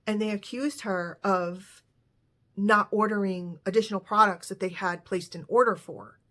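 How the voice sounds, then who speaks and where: A woman's voice: mid-range voice, moderate pace, a bit bright. Woman, storyteller, casual retelling with light character voices.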